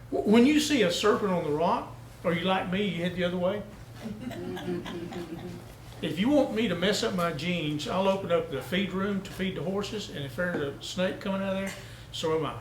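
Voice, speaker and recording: Folksy preacher man, high-pitched and roomy. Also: slight background noise. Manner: folksy storytelling preacher, rising to emphatic peaks. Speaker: pastor. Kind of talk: sermon.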